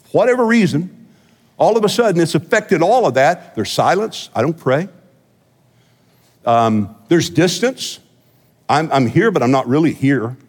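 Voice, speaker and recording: Joking pastor preaching in a reverberant sanctuary. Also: male voice, fairly high pitch. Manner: conversational and joking, with frequent restarts and repetitions. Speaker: senior pastor. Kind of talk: sermon. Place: church sanctuary.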